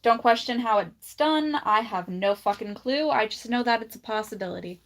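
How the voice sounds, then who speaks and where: A woman's voice: a little high, lively intonation. A woman chatting casually on a livestream, blunt and laughing often, with a slight lisp. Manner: blunt, laughs often, drawls words out slowly.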